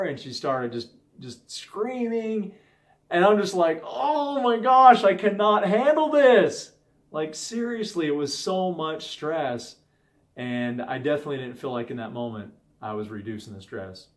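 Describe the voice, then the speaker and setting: A man's voice: medium pitch, a little mellow. A man in his thirties hosting a casual talk, telling a story from his home life in an earnest, conversational way. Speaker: host. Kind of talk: casual talk on stress management.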